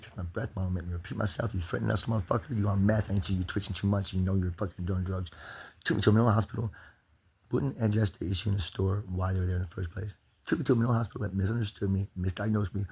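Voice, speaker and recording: A man's voice: low voice, gravelly, a little mellow, husky. A man venting angrily in a rambling, profane monologue to his channel. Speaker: vlogger.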